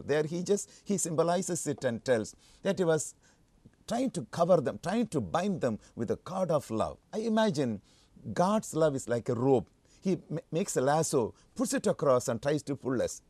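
A male preacher delivering a sermon whose voice swoops from a low, hushed register up to high, fervent peaks. He hammers on key phrases, repeating them for weight. The recording is dry and close, with no room sound. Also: very animated, normal speed, dry recording.

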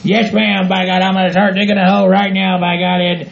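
A man voicing a gruff, grumbling hillbilly rancher in a comedy audio skit, swearing and repeating himself constantly. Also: high voice, level tone, a little fast. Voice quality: gravelly, exaggerated country hick voice. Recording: dull lo-fi home recording.

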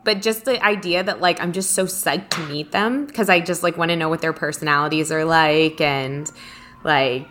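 Young woman co-host, chatty and rambling; low-pitched, bright and forceful tone. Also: fairly even intonation, moderate pace, slight background noise. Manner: chatty storyteller, many likes and restarts. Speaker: podcast co-host. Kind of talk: casual chat.

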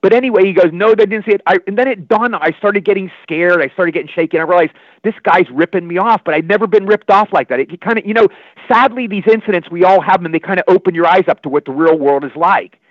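An older man from Maryland, a guest actor telling animated, rambling stories full of digressions and repeats. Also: high voice, fast, no room sound. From Maryland, USA. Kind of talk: anecdotal storytelling. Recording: dull lo-fi sound.

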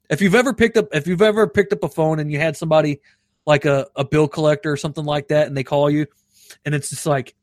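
A man's voice: a little high, steady tone, a little fast, dry recording, clean studio sound. A man chatting casually to his viewers, rambling and swearing, laughing at his own stories and acting out phone calls in raised voices. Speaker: streamer reading chat. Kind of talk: casual livestream chat.

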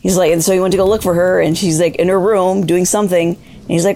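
A woman calling in to share a ghost story, telling it in a rambling, halting way with many fillers. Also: fairly low pitch, steady tone, creaky, warm tone. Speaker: caller sharing a ghost story. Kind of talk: casual spoken storytelling.

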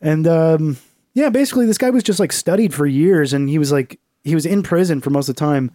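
A man's voice: on the high side, lively intonation, brisk, mellow, dry recording, clean studio sound. Profane laid-back man in casual chat. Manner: loose and profane, full of fillers, slips into mocking voices. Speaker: podcast co-host.

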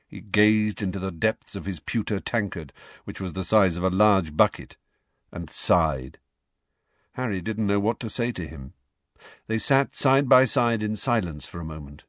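A man reading an audiobook in an expressive storytelling manner. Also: lowish voice, no room sound, studio quality. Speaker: audiobook reader. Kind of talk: audiobook narration.

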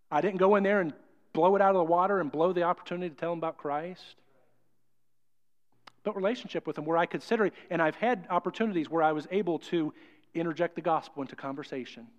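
Man preaching a sermon, higher voice. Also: fast talker, lo-fi sound. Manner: conversational storytelling preaching. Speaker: pastor.

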